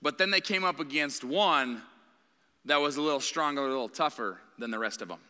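Bright-voiced man preaching in a reverberant church. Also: on the high side, lively intonation, fairly quick, smooth. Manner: candid, conversational preaching. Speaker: guest preacher. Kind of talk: sermon. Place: church sanctuary. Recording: long reverb of a church hall.

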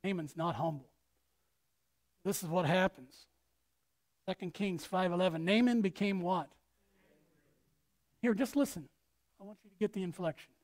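A woman pastor preaching a sermon in an animated way, acting out quotes with big swings in loudness. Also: on the low side, normal speed, pauses often.

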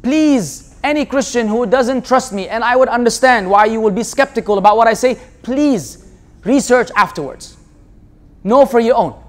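A man giving a religious lecture, animated and rhetorical, often mimicking the voices of people he argues against. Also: very high-pitched, normal speed. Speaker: Islamic lecturer. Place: lecture hall.

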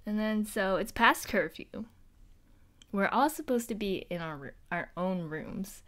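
A woman's voice: medium pitch, animated, a little slow, a bit bright. A woman playing a bubbly teenage girl at a hero school, telling a dorm story in a chatty, giggly way with many fillers. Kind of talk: in-character storytelling vlog.

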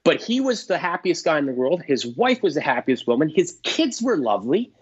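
A middle-aged man, a comedian guest, telling stories in casual chat, animated and swearing, acting out voices. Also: fairly high pitch, fairly quick. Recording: dull lo-fi dry sound.

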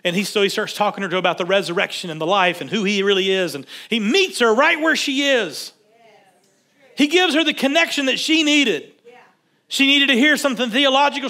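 A man preaching a sermon in a relaxed, conversational way, reading scripture aloud and stopping to comment on it. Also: high-pitched. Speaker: pastor.

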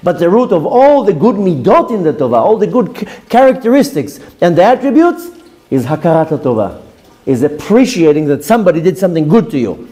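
Man, rabbi, sermon storytelling, acts out dialogue, slightly high voice, mellow tone. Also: very animated, brisk. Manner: acts out quoted dialogue with shifting pitch. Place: women's institute classroom.

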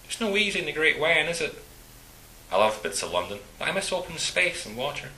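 A man voicing a charming, good-humoured young Scotsman with a Highland accent. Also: very animated, brisk, bright, forceful tone, echoey room, slight background noise, exaggerated voice, rough recording. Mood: friendly. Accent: Highland Scottish. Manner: easy, good-humoured banter.

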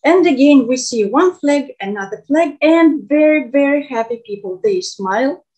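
A woman's voice: high voice, lively intonation, moderate pace, a little mellow, low-quality recording. A Russian-born woman with a Russian accent giving an online conference talk in English as a researcher, hesitant and full of fillers, over a video call.

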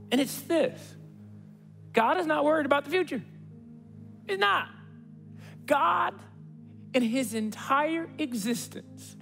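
A male pastor preaching a sermon in a conversational way, swinging between hushed and excited delivery. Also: high-pitched, big-room sound. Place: church stage.

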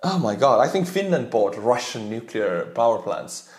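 A man from Estonia with an Estonian accent, reacting to cartoons in rapid, excitable commentary. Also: medium pitch. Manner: rapid, excitable, laughing asides. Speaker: YouTuber reacting to videos. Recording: roomy echo.

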